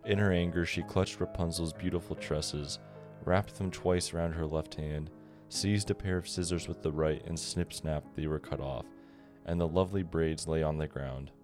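A man narrating a bedtime fairy tale on a podcast in a calm, measured reading. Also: low voice. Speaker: podcast storyteller. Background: soft guitar music.

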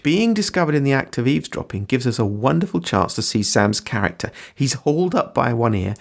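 Man, writing podcast host, gravelly voice, lively pitch, scripted lesson. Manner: measured, explanatory, quotes from books. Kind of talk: scripted teaching narration.

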